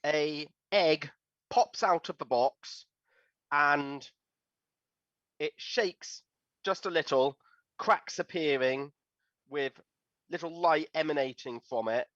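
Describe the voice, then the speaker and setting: A man's voice: fairly high pitch, fairly bright tone, no echo. A man running a tabletop game as game master, narrating scenes descriptively with occasional hesitations, recorded on a dull, slightly lo-fi mic.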